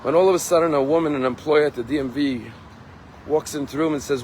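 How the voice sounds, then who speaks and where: A rabbi, a man with a voice of ordinary pitch, delivers a sermon built around a story. He speaks earnestly and slows down to stress key words. A faint noise sits under the recording. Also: steady tone. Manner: earnest, slows and rises for emphasis.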